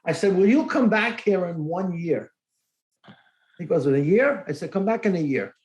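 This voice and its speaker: A man's voice: high voice, moderate pace. A middle-aged man hosting a podcast, telling a personal story expressively and acting out the dialogue in it. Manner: expressive, acts out quoted dialogue. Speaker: podcast host. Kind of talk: casual interview storytelling. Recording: echoey room.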